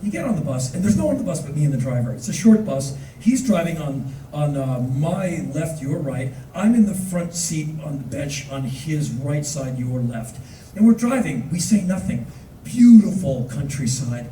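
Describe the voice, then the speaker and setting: An American man in his fifties telling a story on stage with an animated, wry, punchy delivery. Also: on the high side, normal speed, slight background noise. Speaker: spoken word performer. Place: concert venue on stage. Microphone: recorded from the audience. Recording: echoey distant audience recording.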